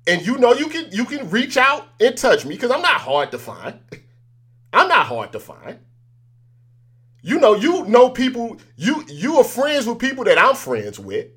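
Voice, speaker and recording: A man's voice: extremely high pitch, wildly swooping pitch, measured pace, fairly bright tone, slightly rough. A man hosting a news commentary show, talking straight to his viewers in an emphatic, repetitive way and chuckling between points. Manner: addresses viewers directly. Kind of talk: casual on-camera commentary.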